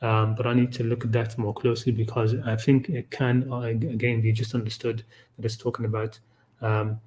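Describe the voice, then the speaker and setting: A man leading a livestreamed Quran study, reciting verses quickly and then explaining them with many fillers and repeated "okay?" checks. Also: medium pitch, little pitch movement, darkish tone, slight background noise, low-quality recording. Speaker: Quran study group leader. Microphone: livestream microphone.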